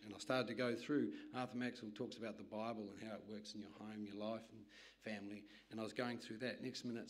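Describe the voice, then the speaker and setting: A man, a literature evangelist, telling a lively anecdote in a sermon with asides to his listeners. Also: on the low side, fast. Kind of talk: storytelling sermon.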